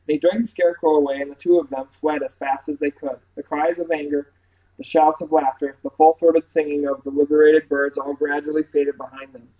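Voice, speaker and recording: A man reading a children's story aloud in a lively, expressive way, with occasional slips. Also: on the high side, fairly quick, poor audio.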